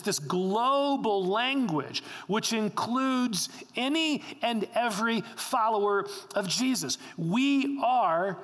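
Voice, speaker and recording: Male pastor, fairly high voice, emphatic sermon delivery in a long-reverb sanctuary. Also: a bit bright. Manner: emphatic, repeats key lines for stress.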